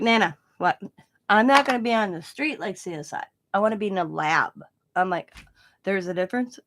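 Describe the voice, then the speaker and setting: This older craft host from Wisconsin talks casually during a live crafting session, drifting through family stories and chuckling at them herself. Her voice is medium-pitched and a bit bright.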